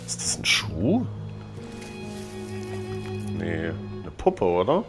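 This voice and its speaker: A man's voice: low voice, huge pitch swings, extremely slow, creaky, over music. A man casually commenting on a game he plays, chatty with wry asides. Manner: chatty, wry asides, reads text aloud. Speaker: let's play host.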